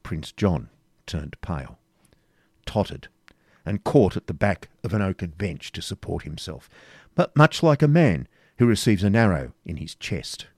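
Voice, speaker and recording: A man narrating a classic novel as an audiobook, in a measured, expressive reading. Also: low voice, dry recording, studio quality.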